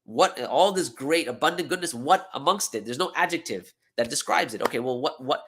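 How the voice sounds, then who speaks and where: A man's voice: a little high, expressive, a little fast, fairly bright tone, slightly rough. A man giving a classroom lecture on scripture, explaining step by step, often asking "okay?" and "right?", and repeating words for emphasis. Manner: repeats words for emphasis, self-corrects mid-sentence.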